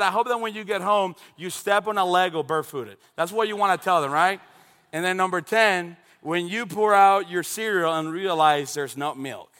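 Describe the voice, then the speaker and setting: A man from the Dominican Republic with a Dominican Spanish accent, a native Spanish speaker, preaching a sermon with animated storytelling in a church. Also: high voice. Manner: animated storytelling with shouted imitations. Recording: long reverb of a large hall.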